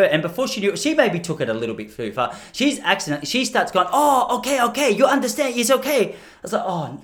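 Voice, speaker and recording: An Australian man talking to camera in a casual vlog, rambling and joking at his own expense with lots of restarts. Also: high voice. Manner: rambling, jokey and self-deprecating, full of restarts. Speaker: vlogger.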